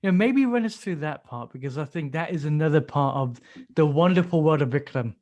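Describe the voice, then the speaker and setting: A man with a fairly high speaking voice hosts a podcast. He asks his guest questions in an encouraging way. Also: lively intonation, a little fast, a little mellow, lo-fi sound. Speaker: podcast host, interviewer. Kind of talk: interview questions.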